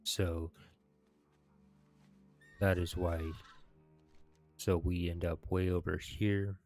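A man reading game quest text aloud while playing, in an unhurried, plain way with small stumbles. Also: low-pitched, flat delivery, a little mellow, soft background music.

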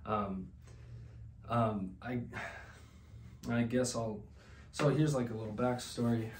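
A man's voice: mid-range voice, fairly even intonation, takes it slowly, reverberant, a little hiss or hum. A man hosting a comedy podcast who rambles and stammers, with lots of ums. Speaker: podcast host.

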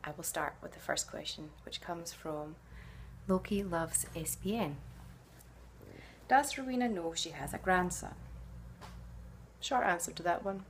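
Gravelly, lowish-voiced actress musing casually. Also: female voice, unhurried, slight background noise. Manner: chatty and musing, with frequent hesitations. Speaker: actress answering fan questions. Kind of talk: casual fan Q&A to camera.

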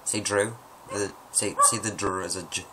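Deep-voiced man rambling through a Q&A. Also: fairly even intonation, moderate pace, heavy background noise. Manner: rambling, joking, self-deprecating. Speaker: vlogger answering viewer questions. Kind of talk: casual Q&A monologue.

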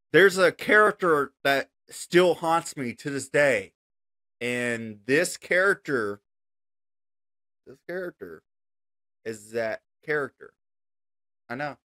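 Bright-voiced young guy ribbing himself over old clips, loose and cussy. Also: mid-range voice, animated, takes it slowly, long pauses. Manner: joking, self-mocking, loose and profane. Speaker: content creator. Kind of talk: casual reaction commentary.

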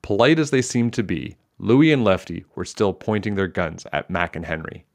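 A man reading a children's novel aloud in a steady, clear storytelling manner. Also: sits low, normal speed. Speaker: storybook reader.

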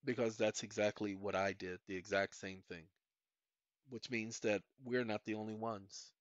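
On his own channel, a middle-aged man addresses his viewers head-on in a rambling personal monologue, repeating "ladies and gentlemen." His lowish voice has fairly even intonation and normal speed. The sound is dry, muffled, and lo-fi, without echo.

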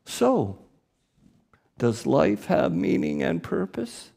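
Slow, gravelly preaching man. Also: fairly high pitch, animated, a little mellow. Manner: slow, deliberate preaching with emphatic rises. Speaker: priest. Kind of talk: sermon. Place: church.

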